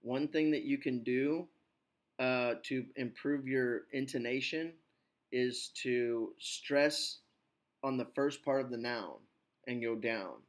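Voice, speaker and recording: A man's voice: medium pitch, takes it slowly. A slightly sick man teaching an English lesson over a video call, chatty and coaching, with lots of "you know" fillers. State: slightly sick, clears throat.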